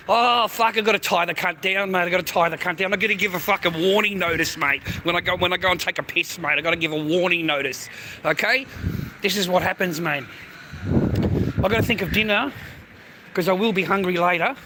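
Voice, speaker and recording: A middle-aged Australian live streamer addresses the viewer directly while holding his phone, rambling loosely and with plenty of profanity during a casual stream. His fairly high voice is bright and forceful, with a little hiss or hum in the recording.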